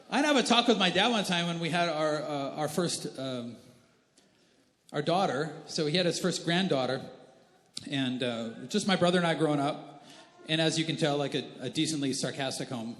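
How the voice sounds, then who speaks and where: A man's voice: a little high, moderate pace, a bit bright. A male pastor in his thirties telling funny family stories in a sermon, self-deprecating and chatty, with asides to the congregation. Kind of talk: humorous sermon storytelling. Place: large church hall. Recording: roomy church hall with long reverb.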